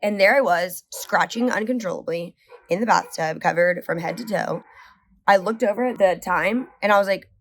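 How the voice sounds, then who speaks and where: Chatty woman vlogger rambling through a story. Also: fairly low pitch. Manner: animated, rambling, heavy use of "like"; speeds up and slows down often. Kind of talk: casual storytelling to camera.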